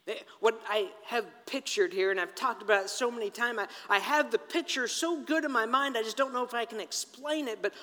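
High, bright-voiced male preacher in a hall. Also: fairly quick, hardly any pauses. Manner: animated and conversational, with asides to the congregation. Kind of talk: sermon.

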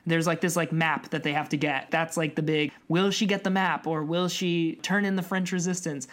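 A woman co-hosting a film podcast, retelling the plot in a chatty, animated way. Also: sits low, moderate pace. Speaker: podcast co-host. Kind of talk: casual film podcast chat.

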